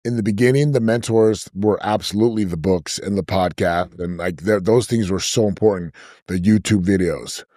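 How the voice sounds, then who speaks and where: A middle-aged man talking as a podcast guest, giving business advice in an energetic, emphatic way and repeating himself to stress a point. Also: low voice, moderate pace, dry recording, clean studio sound. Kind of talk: conversational interview.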